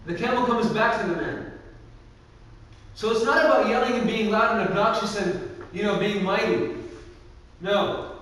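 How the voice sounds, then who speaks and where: A man's voice: high-pitched, normal speed, pauses often, fairly bright tone. A young man giving a casual religious talk, telling stories and acting out the people in them, with lots of filler words. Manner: casual, filler-heavy, acts out quoted voices. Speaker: youth speaker. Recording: echoey hall recorded from far off.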